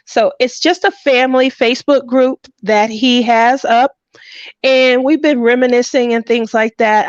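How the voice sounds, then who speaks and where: A woman hosting a casual craft livestream, telling stories with frequent laughter and animated delivery. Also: a little high, no echo, lo-fi sound. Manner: laughs often, animated storytelling.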